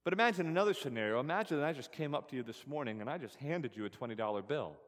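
A man's voice: mid-range voice, expressive, rapid-fire. Man preaching in a reverberant church. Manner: earnest preaching, rising for emphasis on scripture, repeating phrases. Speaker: pastor. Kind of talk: sermon. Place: church sanctuary.

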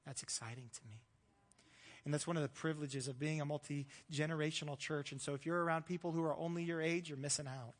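A man with a high, light voice preaches to his congregation in an easygoing, conversational way. He breaks into joking asides and acts out bits of everyday talk. His voice rings with the long reverb of a church hall. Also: steady tone, fast talker. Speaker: pastor. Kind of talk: sermon.

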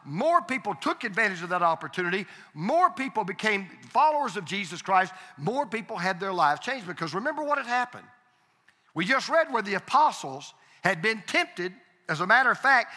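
A man's voice: high-pitched, sing-song, normal speed, sharp tone. A man preaching a sermon as pastor, emphatic, repeating key phrases and calling on the congregation to answer. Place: church sanctuary. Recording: reverberant hall.

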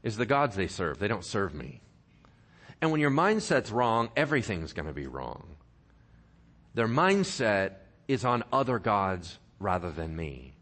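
A man's voice: on the low side, sing-song, unhurried, fairly bright tone. A male pastor preaching a sermon, reading scripture aloud with dramatic emphasis and tossing playful asides to the congregation.

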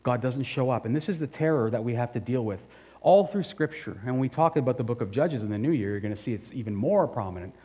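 A man's voice: mid-range voice, animated, fast talker, warm tone, husky. A man preaching a sermon, animatedly voicing scripture quotes with dramatic shifts. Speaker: pastor. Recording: dull lo-fi recording.

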